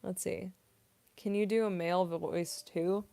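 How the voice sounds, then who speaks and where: A woman's voice: on the low side, steady tone, measured pace, vocal fry, mellow. A young woman, a voice actress, chatting casually on a livestream as she answers viewer questions. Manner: chatty, giggly, heavy on "like". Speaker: voice actress, streamer.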